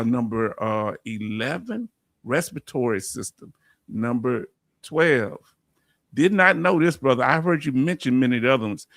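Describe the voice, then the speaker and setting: A man's voice: mid-range voice, fairly bright tone, no echo. Southern guy hosting a chill stream, reads off comments, dry close sound. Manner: reads out viewer comments, calls people brother. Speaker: host. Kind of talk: casual livestream chat.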